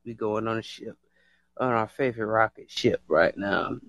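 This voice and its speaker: A man hosting a casual live stream, excitable and slangy, laughing a lot. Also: lowish voice, moderate pace, no echo.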